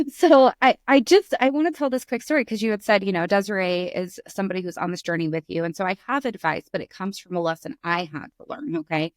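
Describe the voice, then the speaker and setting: A middle-aged woman, a podcast guest, telling a candid story in conversation, lively and acting out the voices in it. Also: medium pitch, fairly quick, no echo, studio quality. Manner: animated, acts out voices in her stories.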